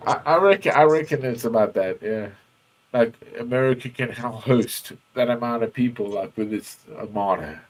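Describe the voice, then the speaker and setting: A man's voice: medium pitch, moderate pace, rough recording. A man talking loosely in casual chat, full of fillers and swearing. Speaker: host.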